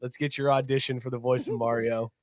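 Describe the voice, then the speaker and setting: A man hosting a casual sports podcast, loose and jokey and quick to laugh. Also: mid-range voice, little pitch movement, no room sound. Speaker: podcast host. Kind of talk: casual chat.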